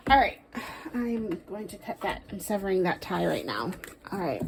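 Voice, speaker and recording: A woman reading tarot cards in a relaxed, chatty way, speaking to a spirit between her own soft asides. Her voice sits in a middle range, and a faint noise stays in the background. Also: medium pitch, vocal fry. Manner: talks aloud to a spirit, sighs and pauses, soft asides. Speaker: tarot card reader. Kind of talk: casual spoken tarot reading.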